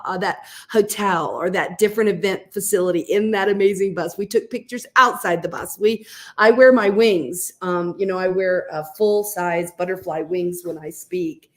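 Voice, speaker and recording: A middle-aged woman, a guest on a podcast, telling a story in a chatty, animated way with lots of fillers. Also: lowish voice. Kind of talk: casual storytelling.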